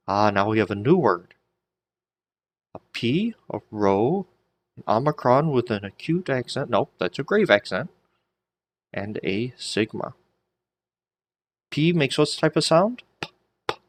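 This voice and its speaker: A man teaching a language lesson, patiently spelling out letters and sounding out words as he asks and answers his own questions. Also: mid-range voice. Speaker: Greek teacher. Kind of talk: slow spoken lesson.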